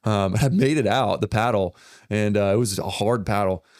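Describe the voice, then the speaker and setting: Rambling, excitable low-voiced man. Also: moderate pace, no echo, studio quality. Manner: rambling, filler-heavy, excitable retelling. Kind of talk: casual storytelling in conversation.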